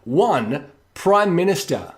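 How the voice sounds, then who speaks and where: A man, co-hosting a podcast in casual chat, rambling with hedges and acting out quick mock dialogues. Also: fairly high pitch, big pitch swings. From Australia. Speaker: podcast co-host.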